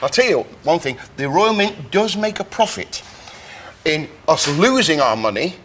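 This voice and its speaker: An older man explains things with real animation, his voice leaping up and down as he demonstrates sounds. He sits a little high in pitch for a man and talks in a lively, teacherly way. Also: normal speed, slight background noise. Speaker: science explainer guest.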